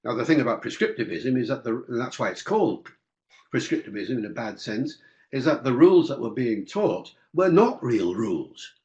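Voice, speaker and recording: A man's voice: mid-range voice, big pitch swings, moderate pace, darkish tone. Older man, webinar Q&A, explanatory, discursive, muffled audio. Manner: discursive, explanatory, with fillers and asides. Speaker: guest linguist answering questions. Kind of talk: webinar answering listener questions.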